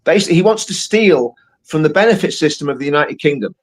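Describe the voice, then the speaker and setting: A British man on a panel, arguing hard and fast in a fairly high voice. He is heated and combative and keeps repeating his points. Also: animated. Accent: British English. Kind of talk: live debate.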